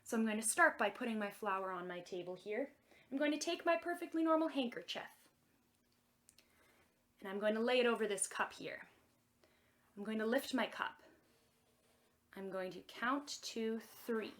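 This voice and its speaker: A young woman leading a children's music and magic lesson in a gentle, encouraging way that is exaggerated for kids. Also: on the high side, normal speed, long pauses.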